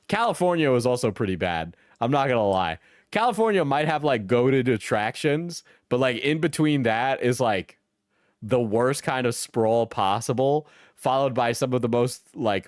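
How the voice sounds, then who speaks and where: A man's voice: medium pitch, lively intonation, moderate pace, no room sound, studio quality. A man in his twenties, a live streamer, chatting casually and telling rambling stories with lots of slang and swearing.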